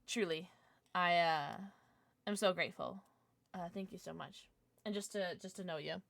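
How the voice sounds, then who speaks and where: A woman livestreamer chatting casually with her viewers, playful and jokey, thanking them warmly and cooing in baby talk to her dogs. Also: fairly low pitch, moderate pace, creaky. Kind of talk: casual chat with stream viewers.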